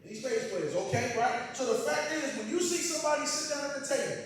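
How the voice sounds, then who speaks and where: A man giving a loud, passionate financial workshop to a live audience, checking in with "right?" as he goes. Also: very high-pitched, animated, fairly quick. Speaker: financial education presenter. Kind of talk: energetic workshop lecture. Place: large echoey hall with a live audience. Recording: very echoey hall, distant mic, faint noise.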